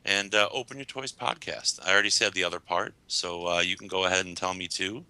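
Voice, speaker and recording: Bright-voiced guy hosting a podcast, kinda low, blunt and crude jokes. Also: fairly even intonation, a little fast, smooth, no echo. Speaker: podcast host. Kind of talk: casual chat.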